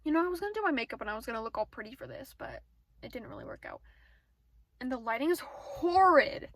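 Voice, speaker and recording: A teenage girl vlogging outdoors on her phone, rambling fast and getting easily distracted in casual chat. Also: on the high side, wildly swooping pitch, gravelly, no echo, poor audio. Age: teens. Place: outdoors, sitting in a parked car area.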